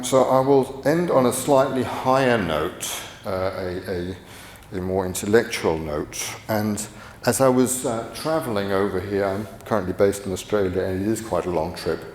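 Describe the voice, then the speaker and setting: In a conference hall, a middle-aged man with a lowish voice wanders through his lecture, restarting often and using plenty of fillers. The capture is distant and echoey, with slight background noise.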